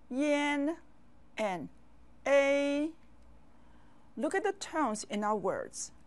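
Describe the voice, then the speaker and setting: A woman teaching a language lesson, speaking with patient, clear classroom delivery and asking learners to repeat after her. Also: a little high. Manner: patient, drills words and asks learners to repeat. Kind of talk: slow, clear classroom instruction.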